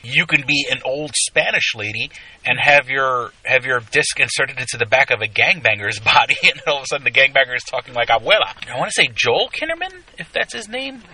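A man's voice: medium pitch, expressive, brisk, pushed and bright, slightly rough, recorded from a distance, low-quality recording. A man co-hosting a podcast in casual chat, enthusiastic and rambling, cursing freely. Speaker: podcast co-host.

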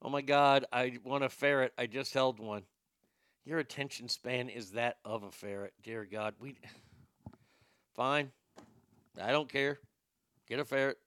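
A man's voice: medium pitch, steady tone, measured pace, long pauses, fairly bright tone, smooth, no room sound, clean studio sound. A male show host delivering profane, sarcastic political commentary, with boastful asides.

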